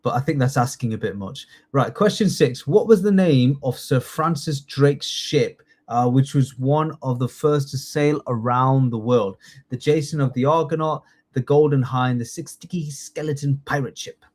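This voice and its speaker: A UK man in his thirties tutors a live online citizenship test quiz in a mid-range, slightly mellow voice at a moderate pace. Chatty and jokey, he reads out the multiple-choice questions and praises students by name.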